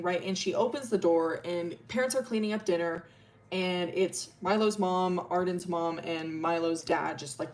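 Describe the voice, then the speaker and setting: A woman streamer casually telling a long story, rambling with lots of fillers, laughing often and swearing freely. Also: on the low side.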